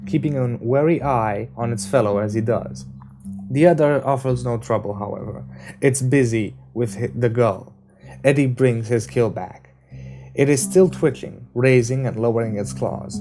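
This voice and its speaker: A man's voice: medium pitch, moderate pace. Male reader narrating over guitar music. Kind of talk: amateur audiobook reading.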